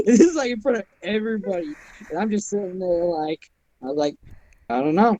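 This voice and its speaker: A man's voice: sits high, lively intonation, a little fast, mellow, no room sound, rough recording. A teenage boy co-hosting a stream, telling a rambling story with swearing and laughs. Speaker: stream co-host. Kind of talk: casual storytelling chat.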